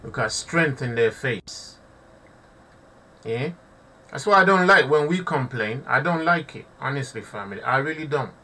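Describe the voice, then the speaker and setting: A man's voice: mid-range voice, lively intonation, moderate pace, bright, forceful tone, distant mic, slight background noise. A man giving impassioned live commentary to his audience, preaching and repeating himself, often calling listeners family. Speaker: online preacher.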